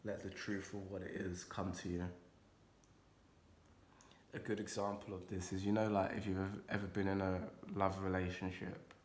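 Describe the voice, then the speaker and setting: A young man with a deep, low, slightly mellow voice rambles through an intuitive card reading for his viewers, swearing casually. He speaks at a normal speed in a level tone with little rise and fall, over a faint hiss or hum.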